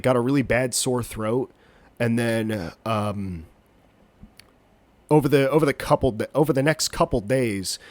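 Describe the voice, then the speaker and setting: A man's voice: mid-range voice, dry recording. Congested man rambling through a podcast. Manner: rambling, jokey, self-deprecating. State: congested, getting over a cold. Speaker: podcast host. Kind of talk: rambling solo podcast chat.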